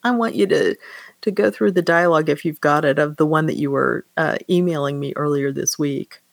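A woman's voice: low voice, a little fast, creaky, no room sound. A woman co-hosting a podcast, chatting casually about a film and retelling scenes with acted quotes and frequent laughs. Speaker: podcast co-host.

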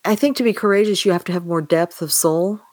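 Woman podcast host talking books, amused and chatty, kinda low voice, dry close sound. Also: quick pace, dry recording. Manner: animated, amused, reads passages aloud. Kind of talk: casual book discussion.

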